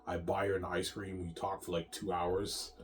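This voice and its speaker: A low-voiced man rambles on in a loose monologue, cursing often and circling back over the same points. He tacks "man" and "yeah" onto his lines, and a faint hiss sits underneath. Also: level tone, normal speed. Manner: profane, repetitive, ending lines with "man" and "yeah". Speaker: vlogger.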